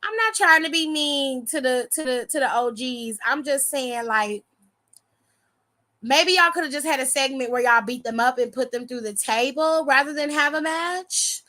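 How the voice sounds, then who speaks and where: A woman's voice: sits high, moderate pace, bright, forceful tone. A woman hosting a casual wrestling recap, talking in a sassy, profane, slangy way.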